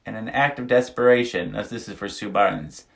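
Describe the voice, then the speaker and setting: Man streaming from a small sauna, lowish voice, laughs a lot, frank jokey host, boomy and echoey, off the mic. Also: steady tone, normal speed, creaky, recorded from a distance. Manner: laughs often, joking and frank. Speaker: livestream host. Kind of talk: casual chat reading viewer comments aloud. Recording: echoey room, voice away from mic.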